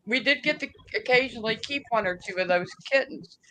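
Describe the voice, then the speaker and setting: A woman's voice: fairly high pitch, a little fast, pushed and bright, a little hiss or hum, low-quality recording. A woman, telling frank, profane stories as an interview guest. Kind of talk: casual storytelling.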